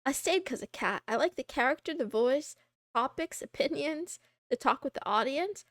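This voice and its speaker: A woman's voice: sits high, animated, moderate pace, fairly bright tone, no echo, clean studio sound. A woman streamer chatting casually and reading viewer messages, playful and giggly with teasing asides. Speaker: VTuber streamer.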